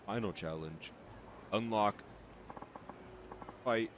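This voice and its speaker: A man's voice: on the low side, expressive, moderate pace, fairly bright tone, a little hiss or hum. A young man with a light Texan accent, casually rambling and swearing while commenting on a video game. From Texas. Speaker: gaming YouTuber. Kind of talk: let's play commentary. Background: game music.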